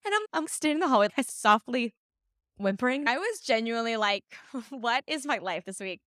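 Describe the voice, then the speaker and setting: A woman's voice: on the high side, a little fast, no room sound, studio quality. A woman in her twenties co-hosting a podcast, telling a story with lots of acted-out quotes and laughter. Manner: animated storyteller, acts out quotes, laughs often. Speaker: podcast co-host. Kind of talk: casual chat, storytelling.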